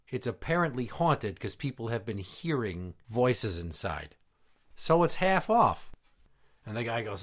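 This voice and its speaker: A man hosting a comedy podcast, telling crude old jokes in character as an exasperated, foul-mouthed dad. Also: mid-range voice. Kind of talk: comedic joke-telling skit.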